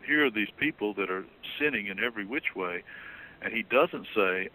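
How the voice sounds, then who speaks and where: A man in a theological discussion, explaining earnestly and jumping up in pitch when he quotes someone. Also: lively intonation, normal speed, pushed and bright, rough recording. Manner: earnest, explanatory, rises sharply when quoting. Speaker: theologian being interviewed.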